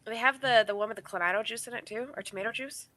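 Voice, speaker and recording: A woman with a bright, forward voice co-hosts a relaxed beer review. She reads out viewer comments and giggles easily. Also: on the high side, rapid-fire, low-quality recording. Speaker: co-host reading comments. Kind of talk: casual chat.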